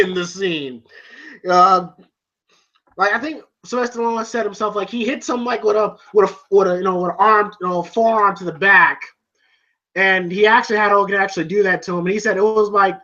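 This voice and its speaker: Bright-voiced, laughing movie reviewer. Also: mid-range voice, lo-fi sound. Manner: rambling, laughs often, many fillers. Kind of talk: casual movie review retelling a scene.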